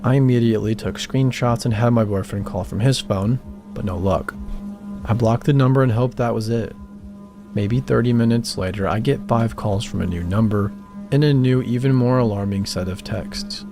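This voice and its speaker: A man calmly reading first-person horror stories as a scripted narration, with music behind him. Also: mid-range voice, moderate pace. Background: background music.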